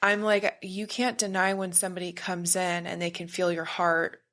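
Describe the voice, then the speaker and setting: Meandering, low-voiced woman podcast guest. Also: flat delivery, normal speed, fairly bright tone. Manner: meandering and searching, makes buzzing sounds to illustrate. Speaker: podcast guest, spiritual practitioner. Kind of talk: casual conversation.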